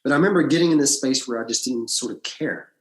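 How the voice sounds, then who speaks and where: A man, an actor and podcast guest, telling his story in a casual interview, with blunt, animated retelling and free swearing. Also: medium pitch, fast. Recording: roomy echo.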